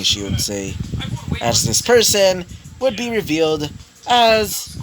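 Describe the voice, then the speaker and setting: A man's voice: sits high, wildly swooping pitch, slow pace, background noise. A young man improvising a fan story aloud, rambling with many fillers. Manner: rambling, full of 'you know' and 'basically'.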